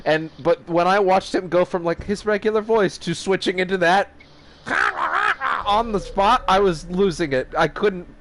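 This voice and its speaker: A man's voice: high-pitched, lively intonation, a little slow, a bit bright, slight background noise. A man co-hosting a podcast who rambles, restarts his sentences, swears and laughs often. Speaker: podcast co-host. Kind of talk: casual chat.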